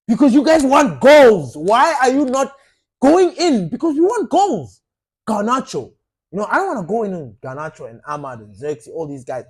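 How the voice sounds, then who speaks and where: A man hosting a football fan channel, giving opinionated commentary full of rhetorical questions. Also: high-pitched. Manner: animated, rhetorical questions, ranting.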